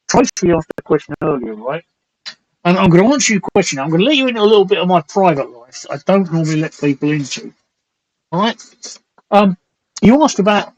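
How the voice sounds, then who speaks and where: A man hosting a late-night live stream chat, slightly hoarse, rambling and crude as he reads out viewer comments. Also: high-pitched, a little hiss or hum, low-quality recording. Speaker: talk show host.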